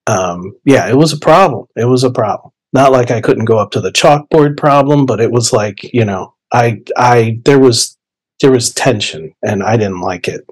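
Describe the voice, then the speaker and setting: A young man casually telling a personal story, animated and chatty, acting out his own inner dialogue. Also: medium pitch, normal speed, poor audio. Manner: animated, conversational, lots of fillers and quoted inner dialogue. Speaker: podcast guest storyteller.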